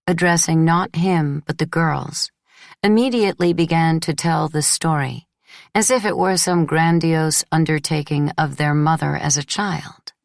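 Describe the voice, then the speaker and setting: A woman narrating a novel in the first person in a measured, introspective way. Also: deep voice, dry recording, clean studio sound. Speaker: audiobook narrator.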